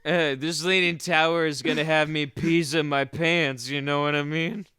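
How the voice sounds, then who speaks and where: A man co-hosting a podcast, spinning deadpan comic stories and playfully refusing his co-hosts. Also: on the high side, normal speed, smooth, no room sound. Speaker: podcast co-host. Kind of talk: crude comedic banter.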